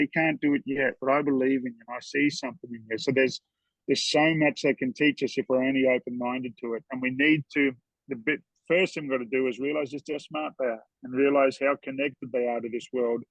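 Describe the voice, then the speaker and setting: A man's voice: mid-range voice, steady tone, brisk, no echo, rough recording. A man guesting on a podcast, telling heartfelt stories in an earnest way and often repeating words as he goes. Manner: earnest, storytelling, repeats words when moved. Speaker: horseman guest.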